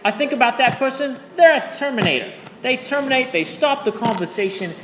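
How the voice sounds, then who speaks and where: A teacher telling a classroom story in a deliberately bad put-on British accent that drifts toward Australian, with an exaggerated, sing-song, self-mocking delivery. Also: sits high, expressive, voice pushed up. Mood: playful. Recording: echoey classroom, faint background noise.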